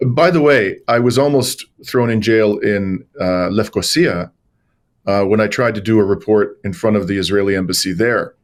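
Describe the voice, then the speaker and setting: Low-voiced man telling stories as guest. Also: normal speed. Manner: animated anecdotes with frequent fillers and restarts. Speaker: guest journalist and lawyer. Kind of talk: conversational interview storytelling.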